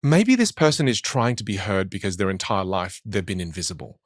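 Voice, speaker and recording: Fast, animated man coaching on communication. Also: low voice, dry recording, clean studio sound. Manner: animated, acts out quoted voices. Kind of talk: podcast conversation.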